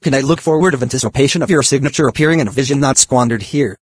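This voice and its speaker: Husky synthetic male reading voice. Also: medium pitch, rapid-fire, no room sound. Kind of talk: synthetic text-to-speech reading.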